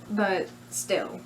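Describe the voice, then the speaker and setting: A woman talking through her plush toy character voices in a casual home vlog, hesitant and giggly with lots of "uh"s. Her pitch sits mid-range and her pace is slow. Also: darkish tone, a little hiss or hum. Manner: hesitant, giggly, many fillers. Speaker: channel host.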